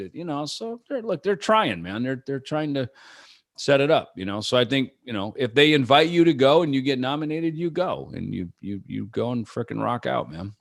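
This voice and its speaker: A man with a fairly low voice talks over a video call, wandering through his answers with lots of fillers and restarts. He slips into acted-out quotes as he goes. The sound is dry and close, with no room around it. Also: no room sound. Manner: rambling, many fillers and restarts, acts out quotes. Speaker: rock musician guest. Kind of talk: casual interview chat.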